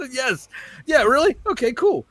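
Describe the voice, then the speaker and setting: A man's voice: very high-pitched, very animated, measured pace, over a noisy crowd. A man co-hosting a casual sports podcast, joking and swearing and laughing often. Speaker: podcast co-host.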